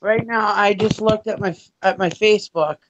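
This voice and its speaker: A man's voice: sits high, fairly even intonation, normal speed, a bit bright, dull audio, slight background noise. A man chatting casually as a guest on a live online show, laughing as he tells a light anecdote. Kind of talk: casual chat.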